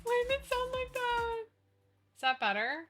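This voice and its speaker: A woman's voice: extremely high pitch, sing-song, normal speed, fairly bright tone, soft background music. A young woman streaming live, chatting casually, swearing freely and apologizing as she fiddles with her settings.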